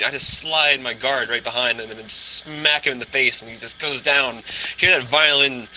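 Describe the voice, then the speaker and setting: A man recaps his own match in casual chat, animated and quick to make fun of himself. His voice is very bright and sharp, with a touch of faint noise behind it. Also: mid-range voice, low-quality recording. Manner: animated, self-deprecating. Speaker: guest player.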